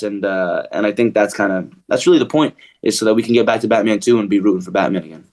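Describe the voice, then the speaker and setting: A man talks casually as the guest in an interview. He speaks in a relaxed way, stumbling and restarting often and filling pauses with "um" and "like." His pitch sits in the middle for a man. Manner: relaxed, halting with many restarts and fillers. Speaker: actor interviewed.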